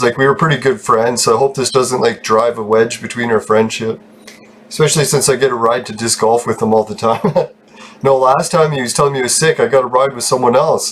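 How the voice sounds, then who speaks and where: A man's voice: medium pitch, slight background noise. A man hosting his own gaming channel, talking casually over gameplay, swearing freely and laughing often as he rambles.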